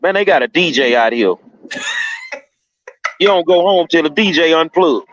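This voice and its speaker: A man's voice: on the high side, animated, moderate pace, a bit bright, no echo. Emphatic man on a dull phone line. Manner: emphatic, slangy, laughs often. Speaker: protester reporting from the street. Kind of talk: casual phone interview.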